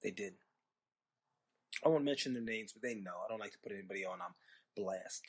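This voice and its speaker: A man's voice: on the low side, fairly quick, husky. A man hosting a storytelling podcast, talking in a rambling, conversational way with sarcastic asides. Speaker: podcast host. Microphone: podcast microphone.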